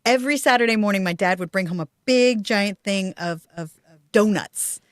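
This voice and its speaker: A woman's voice: medium pitch, normal speed, no echo, studio quality. A middle-aged woman co-hosting a podcast, chatting casually and laughing often. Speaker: podcast co-host. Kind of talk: casual chat.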